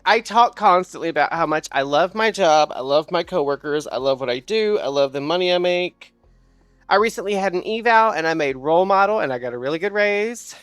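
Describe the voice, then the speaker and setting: Chatty woman streamer, low and dry. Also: dry recording. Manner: animated, laughs often, swears freely. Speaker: livestreamer. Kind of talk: casual storytelling chat.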